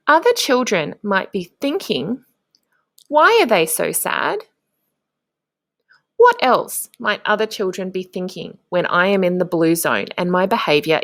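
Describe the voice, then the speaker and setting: A woman, a primary teacher, talks young children through a lesson. Her pace is unhurried and her pitch swoops up and down in a sing-song way. The voice-over is close and dry, with no room sound. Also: a bit bright, no echo. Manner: slow, sing-song and encouraging, with clear prompts to the class. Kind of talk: instructional narration for young children.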